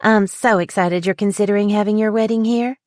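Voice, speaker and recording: A woman's voice: mid-range voice, steady tone, fairly quick, darkish tone, dry recording, studio quality, pitched above the performer's own voice, close to an everyday voice. A woman voicing a petite, bubbly wedding planner with a southern drawl who is eager to please. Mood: cheerful. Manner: upbeat, chatty, eager to please.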